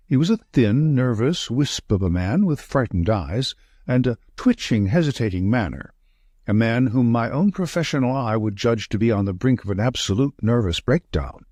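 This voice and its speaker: A man narrating an audiobook in a measured, descriptive storytelling manner. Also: medium pitch, warm tone, slightly rough, no echo, studio quality.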